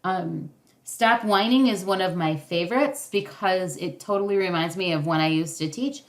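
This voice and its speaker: A woman's voice: lowish voice, normal speed. A woman leading a parenting class over a video call, encouraging, with many fillers and restarts. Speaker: parenting workshop facilitator.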